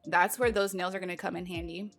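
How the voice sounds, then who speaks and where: A woman's voice: lowish voice, fairly even intonation, fast talker, fairly bright tone, soft background music. A woman vlogger casually chatting through a nail product unboxing, talking in a loose, filler-heavy way with playful exasperated asides.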